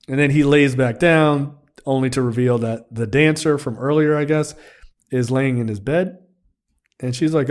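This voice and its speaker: A man's voice: medium pitch, moderate pace, a little mellow. A man co-hosting a film review podcast, casually recapping scenes and acting out characters' lines.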